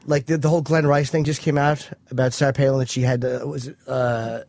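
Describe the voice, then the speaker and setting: Quick-talking male radio host. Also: mid-range voice, level tone, a little mellow, dry recording. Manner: joking, probing, quick-talking. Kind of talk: radio interview.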